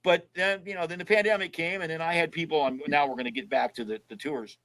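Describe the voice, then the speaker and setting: A fast-talking man with a voice on the high side, recorded roughly. He's in his seventies and, as a podcast guest, tells road trip stories in casual chat, acting out the quoted voices with animated flair.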